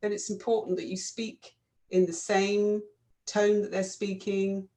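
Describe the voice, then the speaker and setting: A woman's voice: medium pitch, little pitch movement, a little slow. Thoughtful woman explaining. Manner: thoughtful, explaining, gentle fillers. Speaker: co-host. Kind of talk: casual chat.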